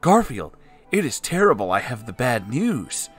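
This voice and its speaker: A man's voice: mid-range voice, sing-song, moderate pace, a bit bright, breathy edge, soft background music. A man voicing a fussy, worried male cartoon pet owner in an overwrought, frantic manner. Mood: alarmed.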